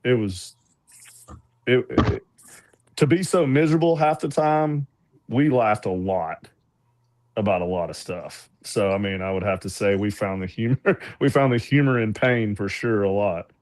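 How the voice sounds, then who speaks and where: Low-pitched man, easygoing drawl, close dry mic. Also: measured pace, a little mellow, no room sound. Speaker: climb team member. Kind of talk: casual chat.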